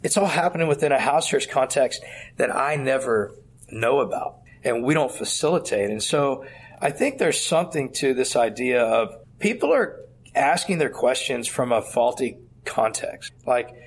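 A man's voice: mid-range voice, slight background noise. Earnest middle-aged pastor, mid-range male voice, conversational storyteller. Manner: earnest, storytelling with quoted dialogue. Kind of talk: conversational interview answers. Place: at a church conference.

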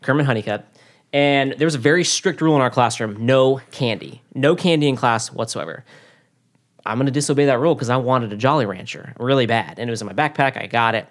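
A man's voice: medium pitch, fast talker. A man from Florida telling personal stories in a casual chat, earnest and often restarting and repeating his words.

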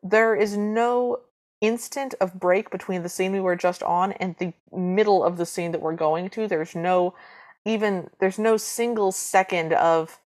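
A woman's voice: medium pitch, steady tone, unhurried, darkish tone. A young woman co-hosting a podcast, chatting casually and wryly about a film, reading from her notes and acting out quotes. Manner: wry, reads from her notes. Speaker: podcast co-host. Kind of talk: casual chat recapping a film.

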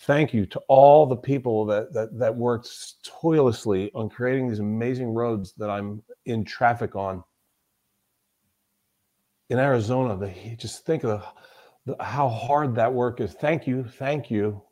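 Unhurried and mellow, with a mid-range voice, a mental toughness coach speaks as a guest in a podcast conversation. His stories come with emphasis and plenty of repetition.

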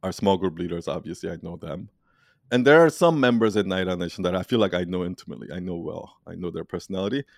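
Low-ish guy rambling in a casual chat, laughs a lot, dry close sound. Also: fast, vocal fry, dry recording. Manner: animated, rambling, laughs often. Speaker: online community leader. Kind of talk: casual conversation.

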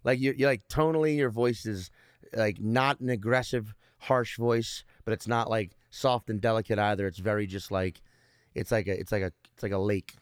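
In a clean studio recording with no echo, a man with a fairly low voice talks casually at a normal speed. His intonation stays fairly even and his delivery is smooth as he rambles, jokes and swears, hunting for words through lots of fillers and restarts.

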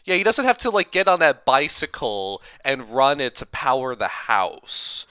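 A man co-hosting a podcast, chatting casually about a movie, animated and laughing, stumbling over his words when he gets excited. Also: mid-range voice, a little slow, smooth, no room sound. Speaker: podcast co-host. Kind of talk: casual movie-review chat.

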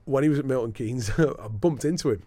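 A man's voice: medium pitch, fairly quick, no echo. A man, a sports broadcaster telling stories in a podcast interview and acting out the people he quotes. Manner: lively storyteller, acts out the people he quotes. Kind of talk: anecdotal storytelling in a podcast interview.

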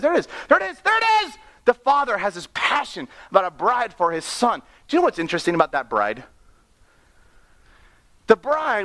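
A man preaching an animated sermon, often laughing and acting out the people in his story. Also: sits high. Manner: excitable, laughs often, acts out characters.

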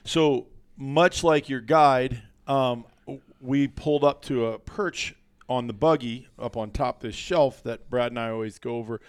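A man's voice: mid-range voice, a little slow, clear, resonant tone, dry recording. A man co-hosting a casual hunting podcast, telling stories and acting out what people said. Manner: animated storyteller acting out quotes. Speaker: podcast co-host.

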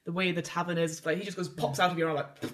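Animated woman running a tabletop game, lower pitch. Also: racing. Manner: animated, laughing often, playful. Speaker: game master.

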